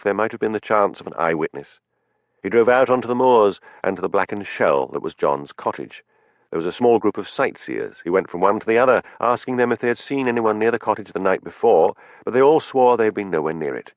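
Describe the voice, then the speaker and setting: Male audiobook narrator, expressive storytelling, lively intonation, dead-dry booth. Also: deep voice, no echo. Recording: dull, muffled studio audio.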